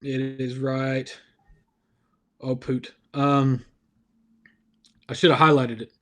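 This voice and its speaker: A man's voice: mid-range voice, level tone, slow, a bit bright. A man hosting a casual youth devotional over a video call, chatty and self-deprecating. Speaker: youth ministry devotional host.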